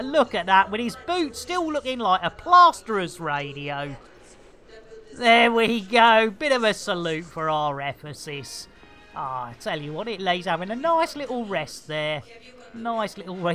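A woman's voice: mid-range voice, big pitch swings, unhurried, pushed and bright, soft background music. A woman streaming a space game live, chatting to herself in a jokey way full of playful slang and muttered asides. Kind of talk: live gameplay commentary.

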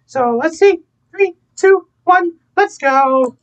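Very high-pitched excitable woman reacting. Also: takes it slowly, faint music behind. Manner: excitable, exclaims at the screen. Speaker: reaction video host. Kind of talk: casual video reaction. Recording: dull lo-fi recording.

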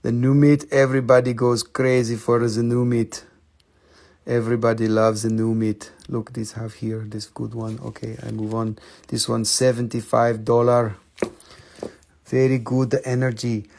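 Excitable man hosting a crystal sales show. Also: mid-range voice, unhurried, gravelly. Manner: excitable, joking, broken English. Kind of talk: live sales stream. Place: family crystal shop.

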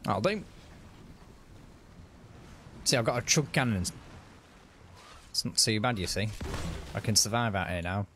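A man's voice: on the low side, moderate pace, long pauses, fairly bright tone, a little hiss or hum. A man giving casual, upbeat commentary while streaming a game. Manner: chatty, upbeat, self-narrating. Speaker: gaming streamer.

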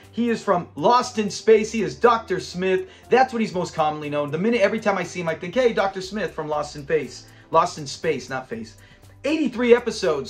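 Man, high voice, casual show host, chatty, laughs often, faint background music. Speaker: host of a classic TV review channel. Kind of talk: casual episode breakdown.

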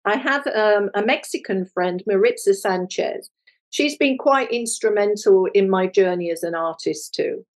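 An older woman, an artist being interviewed, telling a personal story in a lively conversational way and acting out the voices of people she quotes. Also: medium pitch, unhurried, low-quality recording. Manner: animated, acts out quoted voices. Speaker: guest, multimedia artist.

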